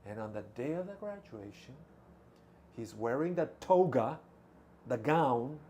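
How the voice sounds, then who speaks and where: A male pastor telling a story in a sermon, swinging from hushed to loud. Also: mid-range voice, animated, measured pace, a little hiss or hum.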